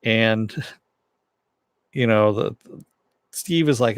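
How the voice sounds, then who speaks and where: A man's voice: takes it slowly, pauses often, smooth, no echo. A man casually recapping a TV episode in a rambling way, full of fillers, lifting his voice when he quotes the characters. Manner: rambling, many fillers, raises pitch when quoting characters. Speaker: TV episode reviewer.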